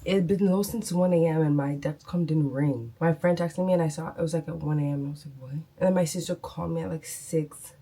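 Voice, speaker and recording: Young woman vlogger, getting over a cold, husky and mellow, rambling slangy chat. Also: low-pitched, fairly quick, few pauses. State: out of breath, coughing. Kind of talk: casual chat.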